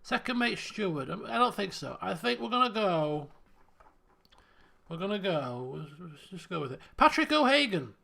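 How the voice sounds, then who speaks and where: A man's voice: high-pitched, lively intonation, normal speed, vocal fry, sharp tone. A man giving casual live-stream commentary while playing a game, chatting and thinking aloud as he works through puzzles.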